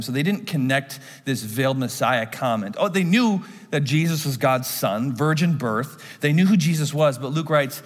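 A man's voice: medium pitch, moderate pace, big-room sound. A male pastor preaching a sermon in a church, telling the story with animation and acting out the voices.

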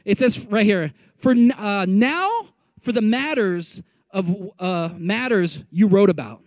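A man preaching a sermon in a lively, conversational way, joking with his audience and prompting them to repeat phrases back to him. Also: sits high, unhurried, no room sound. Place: meeting room with a live audience.

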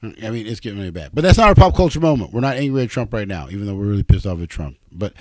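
Fast-talking Southern man hosting a podcast. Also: lowish voice, dry recording. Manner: animated, jokey, rants. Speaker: podcast host. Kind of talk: casual comedy podcast banter.

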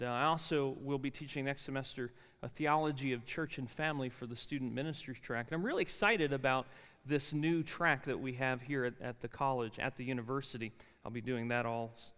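A man's voice: mid-range voice, fairly bright tone. A man in his forties with a New Jersey accent, telling his life story in a university chapel sermon, talking with many fillers and restarts. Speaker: chapel speaker. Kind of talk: sermon with personal testimony. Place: large university chapel hall. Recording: reverberant hall.

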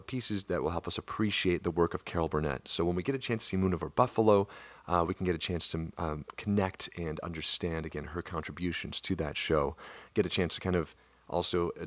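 Low-voiced Midwestern man hosting a podcast. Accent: Midwestern American. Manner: upbeat, chatty, frequent "uh" fillers. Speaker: theater company podcast host. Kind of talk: solo promotional podcast announcement.

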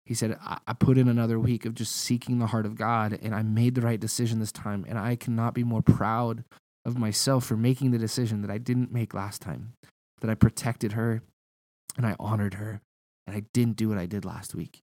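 A man's voice: fairly low pitch, flat delivery, brisk, darkish tone, no echo. A young man preaching a sermon in a casual, conversational way, telling personal stories.

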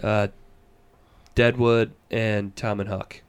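A man's voice: fairly low pitch, level tone, takes it slowly. A young man hosting a casual chat, laid-back and joking, with casual swearing. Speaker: podcast host.

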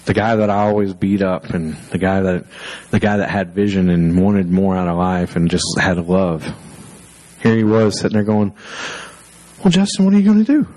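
A man's voice: sits low, fairly even intonation, normal speed, darkish tone, poor audio. A male pastor preaching a sermon through personal stories, conversational and self-deprecating, with fillers and restarts.

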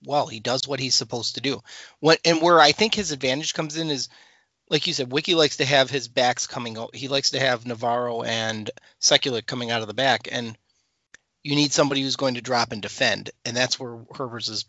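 Man, bright sharp voice, soccer podcast co-host, stammering restarts, dry muffled audio. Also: medium pitch, a little fast, dry recording. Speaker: soccer podcast co-host giving player ratings. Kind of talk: casual sports chat.

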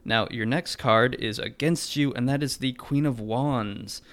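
A man's voice: mid-range voice, measured pace, fairly bright tone. A man hosting a podcast, reading tarot cards for callers in a dry, hesitant way full of filler words. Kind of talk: casual chat.

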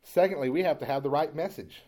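Man, pastor, sermon, high-ish voice, storytelling turning impassioned. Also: fast talker. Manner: builds from calm reasoning to loud, impassioned preaching; conversational storytelling with restarts.

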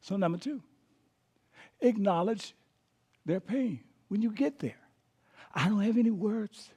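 A man's voice: high voice, expressive, measured pace, slightly rough. A man preaching a sermon as pastor, emphatic, sometimes dropping to a whisper and having the listeners repeat after him. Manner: emphatic, dropping to quiet whispers on key words.

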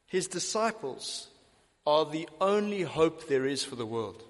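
A man preaching a sermon in a church hall, his fairly high voice carried by a long reverb. He speaks emphatically, repeating key phrases to drive them home. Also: expressive, moderate pace.

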